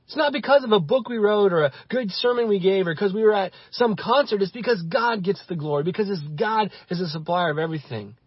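A man's voice: sits high, brisk, few pauses, breathy edge, no echo, dull audio. A male pastor giving an impassioned sermon, building his points through repeated phrases.

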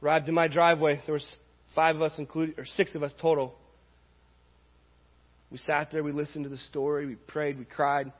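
A man's voice: a little high, level tone, normal speed, long pauses, big-room sound, highs cut off. A man preaching a sermon as a pastor, telling stories earnestly and acting out dialogue.

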